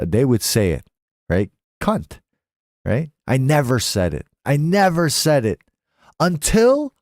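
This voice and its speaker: A man's voice: mid-range voice, darkish tone, dry recording, studio quality. A young adult man telling stories casually on a live stream, swearing freely and slipping into voices when he quotes people.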